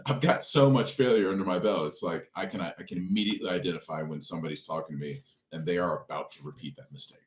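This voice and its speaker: A man who owns a restaurant, a podcast guest telling stories in a casual, animated way and acting out the people he quotes. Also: sits low, fast, hardly any pauses. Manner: animated, acts out quoted dialogue. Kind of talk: casual storytelling conversation. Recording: echoey room.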